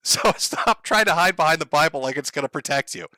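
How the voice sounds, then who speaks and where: A man's voice: fairly high pitch, lively intonation, a little fast, few pauses, pushed and bright, no echo, studio quality. A man giving mocking, profane online commentary, sarcastic and laughing at his own jokes.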